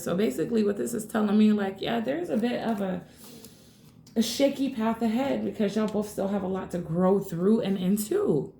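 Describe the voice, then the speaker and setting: Gravelly-voiced woman reading tarot, excitable. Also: mid-range voice, a little hiss or hum. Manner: excitable, swears freely, addresses viewers as y'all. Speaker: tarot reader. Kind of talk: casual tarot reading to camera. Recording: echoey room.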